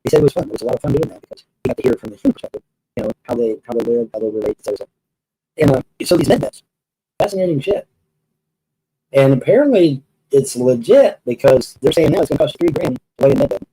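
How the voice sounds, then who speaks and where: A man's voice: medium pitch, big pitch swings, quick pace, dark tone, slight background noise, low-quality recording. A man telling stories in a rambling casual monologue, repeating himself and swearing freely. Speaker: storyteller recounting experiences.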